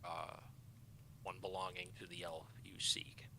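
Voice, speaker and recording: A man narrating a tabletop game as game master, halting and full of filler sounds. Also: deep voice, level tone, vocal fry, pushed and bright, slight background noise.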